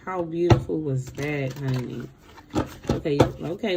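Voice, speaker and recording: Gravelly-voiced woman reading tarot. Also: sits low, unhurried, very noisy. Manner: animated, slangy, laughs often, repeats herself. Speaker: tarot reader. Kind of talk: live tarot reading stream.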